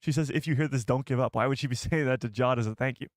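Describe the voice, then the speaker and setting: A man's voice: medium pitch, fast talker, few pauses, no room sound. A young man hosting a casual livestream, reading viewer comments aloud and laughing at himself. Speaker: livestream host. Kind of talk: casual live chat.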